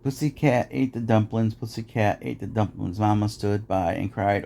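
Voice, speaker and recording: A man's voice: on the low side, flat delivery, normal speed, vocal fry, hardly any pauses, dark tone, a little hiss or hum. A man reading nursery rhymes aloud in a rhythmic, sing-song way, as host of a podcast.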